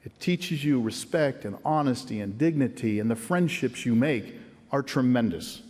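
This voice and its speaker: Standing at a lectern in a large ceremony hall, a middle-aged hall of fame inductee delivers an acceptance speech, his words trailing into a long, ringing reverb. In an ordinary mid-pitched voice at normal speed, he warmly and expressively spins folksy, earnest anecdotes for the crowd.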